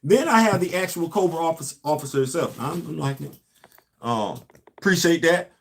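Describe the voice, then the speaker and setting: A man with a slightly higher voice than most hosts a casual unboxing live stream. He talks straight to his viewers in an easygoing drawl, looping back over his own phrases and letting sentences trail off. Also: expressive, moderate pace. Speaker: toy collector vlogger hosting a live stream.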